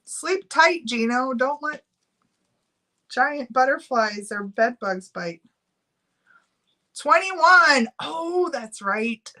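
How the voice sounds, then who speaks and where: A woman's voice: high voice, expressive, very slow, long pauses, sharp tone. A middle-aged woman chatting casually on a live stream, giggling often and reading out viewer names while she runs a giveaway.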